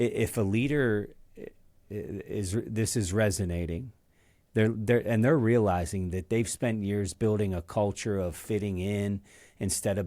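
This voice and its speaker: A man's voice: lowish voice, warm tone, dry recording. A man hosting a podcast, asking a long question with hesitant restarts. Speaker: podcast host. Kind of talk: interview questions.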